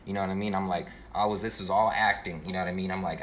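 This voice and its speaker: A man's voice: low voice, steady tone, fast, a little hiss or hum. A young male streamer telling a long story in a slangy, profane, rambling way while he plays. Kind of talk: casual storytelling while gaming.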